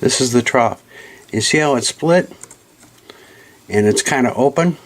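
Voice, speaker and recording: A man's voice: medium pitch, expressive, a little slow. A man hosting a casual hands-on tutorial at his home reloading bench, talking in a folksy, rambling way with frequent self-corrections and apologetic asides, recorded on a camera mic. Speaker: channel host demonstrating a reloading tool. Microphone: camera mic, handheld then on tripod.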